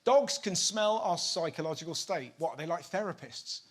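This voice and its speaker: A man hosting a TV comedy show, with an animated, mocking comic delivery in a studio with a live audience. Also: on the high side, normal speed, husky. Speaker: host. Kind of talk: stand-up comedy monologue and kids' interview. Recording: loud studio audience and music.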